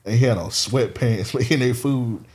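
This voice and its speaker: This podcast co-host has a medium-pitched, somewhat dark voice and talks at a normal speed. In a casual chat, he spins a long story, swearing freely and laughing along the way.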